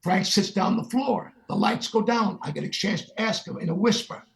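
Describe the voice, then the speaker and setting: In a sit-down interview, an older guest musician tells stories at normal speed in a high-pitched voice with vocal fry. He's lively and imitates the voices of the people in his tales.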